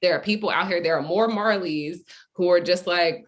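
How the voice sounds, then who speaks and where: A young adult woman, a guest in casual conversation, telling a story in animated, quick bursts. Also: on the low side.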